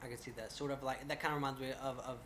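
A young man hosting a casual podcast interview, quick, goofy and self-deprecating. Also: mid-range voice, flat delivery, pushed and bright, slight background noise. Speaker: podcast host.

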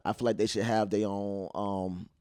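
A young man co-hosting a podcast, telling stories in a profane, animated casual chat. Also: lowish voice, moderate pace, clean tone, no echo. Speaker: podcast co-host.

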